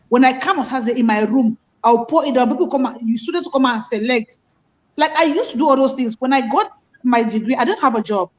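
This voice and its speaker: A woman's voice: a little high, highs cut off. A woman hosting a casual talk show who speaks emphatically and repeats phrases for stress. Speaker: host. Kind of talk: casual chat.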